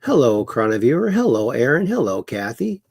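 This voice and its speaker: Man, livestream host, lively sing-song pitch, dry close sound. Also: normal speed, creaky, slightly rough, no room sound. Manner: mocking, chuckling political commentary. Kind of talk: casual livestream chat reading comments.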